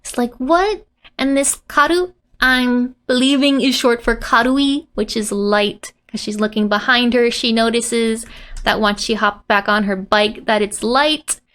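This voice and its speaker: A woman with a high, bright voice walks through Japanese phrases from a manga page, unhurried and deliberate in her explanations. She keeps the lesson playful, laughing often and slipping into the characters' lines. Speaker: Japanese language teacher. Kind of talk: manga-based language lesson.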